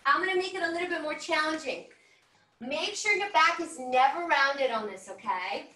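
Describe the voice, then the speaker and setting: A woman with a high, animated voice leads an online workout class at a normal pace, her tone bright and forceful as she cheers and coaches with whoops while exercising. She's slightly out of breath. A distant laptop mic on the video call makes the recording sound roomy.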